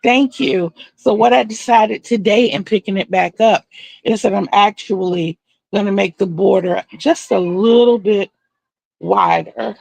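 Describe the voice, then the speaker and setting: A woman's voice: mid-range voice, measured pace, gravelly, a little mellow, dry recording. An older woman chatting casually on a live stream as she crochets, rambling and repeating herself.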